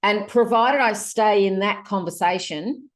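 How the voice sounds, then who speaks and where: A woman speaks as a guest on a podcast, chatty and colloquial. Her voice sits in a middle pitch. She talks easily and in a lively way. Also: measured pace. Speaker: guest, productivity author. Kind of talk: casual podcast chat.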